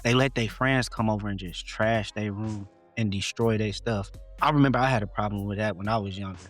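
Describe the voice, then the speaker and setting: A man co-hosting a casual podcast, a father telling relaxed, reflective stories about his kids. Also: on the low side, a little fast, soft background music. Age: adult father of a twelve-year-old. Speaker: podcast co-host. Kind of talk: casual chat.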